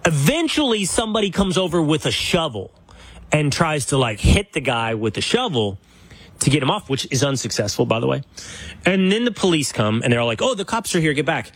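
Animated husky-voiced male host. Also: brisk. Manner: animated, acts out quotes with big pitch jumps. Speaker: podcast host. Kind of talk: conversational political interview.

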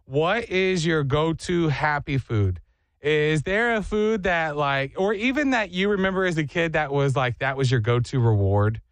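A man hosting a morning radio show, telling stories in a lively, chatty way. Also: a little high, unhurried, dry recording. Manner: lively storytelling.

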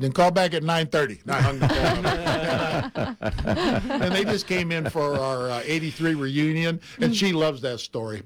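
An older man, a former baseball player, telling animated anecdotes in casual chat and laughing often. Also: on the high side.

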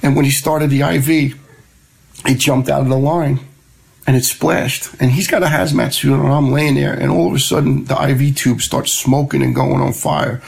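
A middle-aged man, telling a personal story in a plain, conversational way and quoting others in lively voices. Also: medium pitch, normal speed, vocal fry, low-quality recording. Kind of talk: personal story told to a host.

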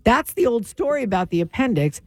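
A woman's voice: on the high side, sing-song, fairly quick, no echo, clean studio sound. A woman co-hosting a casual comedy chat show, joking and slipping into silly voices. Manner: jokey, puts on silly voices. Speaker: co-host.

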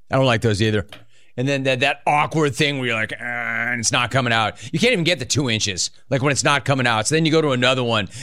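A man hosting a call-in radio show, bantering and teasing callers in a joking, animated way. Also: medium pitch, no room sound, studio quality. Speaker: sports radio host.

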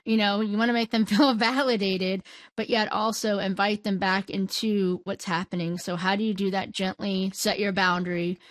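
A woman's voice: medium pitch, fairly even intonation, normal speed, no room sound. A woman co-hosting a conversational discussion, asking questions and responding with engaged interest. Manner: engaged, asks questions, laughs lightly. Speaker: podcast co-host.

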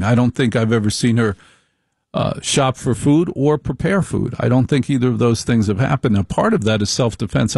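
Gravelly, slow-talking middle-aged man. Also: medium pitch, darkish tone, dry recording, clean studio sound. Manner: slow, deliberate and wry, with repeated phrases. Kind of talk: opinion monologue.

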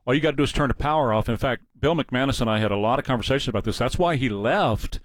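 A male radio host making his point emphatically in fast, opinionated talk. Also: mid-range voice, dry recording.

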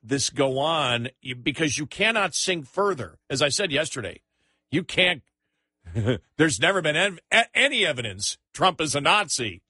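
Bright-voiced, incredulous male radio host. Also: a little high, normal speed, slightly rough, dry recording, studio quality. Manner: animated, incredulous, stammering restarts. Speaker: radio talk show host. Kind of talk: casual political talk radio chat.

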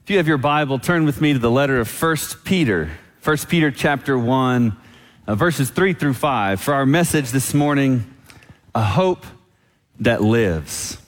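A man preaching a sermon as pastor, telling a story and slowing down on key lines. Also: mid-range voice, lively intonation. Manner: storytelling, slows down for emphasis. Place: church sanctuary. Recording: long church reverb.

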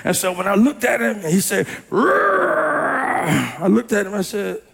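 A man preaching a storytelling sermon, animated and repetitive, often rising to a shout. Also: high voice, fairly quick, vocal fry, husky.

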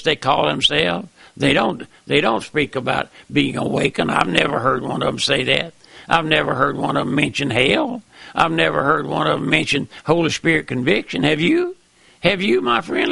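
A man's voice: fairly high pitch, creaky, bright, forceful tone, no room sound. An older man preaching a fiery old-time sermon, fervent, with stammering restarts and repeated calls of "my friend".

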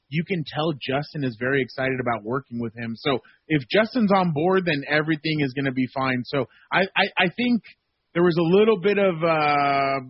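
A male sports reporter calling in as a guest on a radio show, talking in a rambling, animated way with many fillers. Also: on the high side, slightly rough. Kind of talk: phone-in radio interview. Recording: dull, dry lo-fi guest line.

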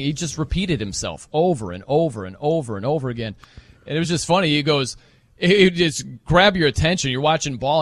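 A man's voice: medium pitch, fairly bright tone, no echo. A man hosting a sports radio show, chatting casually and telling a story in an upbeat way.

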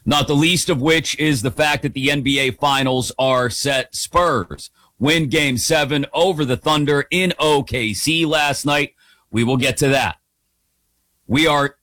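A man hosting a national sports radio show, opening it in an energetic, playful way. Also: mid-range voice, no echo, clean studio sound. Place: radio studio.

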